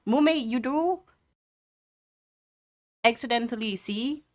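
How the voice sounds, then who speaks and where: A woman's voice: a little high, takes it slowly. A woman narrating as game master of a tabletop game, hesitant with many fillers.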